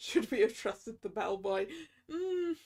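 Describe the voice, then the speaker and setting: A woman's voice: on the high side, big pitch swings, unhurried, darkish tone. A woman streamer casually commenting while playing a story game, thinking aloud. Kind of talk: let's-play commentary.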